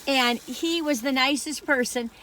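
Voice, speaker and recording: A woman's voice: high voice, unhurried, bright, forceful tone, a little hiss or hum. A woman in her sixties rambles chattily through a food review, talking straight to her viewers from inside a parked car on a phone camera. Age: 60s.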